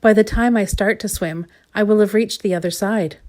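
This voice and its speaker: A woman's voice: medium pitch, a little mellow, pitched above the performer's own voice, lightly acted. A woman voicing a very tall, gloomy man who sighs over his long legs in a storybook reading. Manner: gloomy sighing, slow drawn-out complaints.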